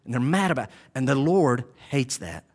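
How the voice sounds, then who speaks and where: A man's voice: mid-range voice, very animated, normal speed, slightly rough. A man preaching a sermon who speaks to the congregation directly and hammers home key phrases by repeating them. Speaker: pastor.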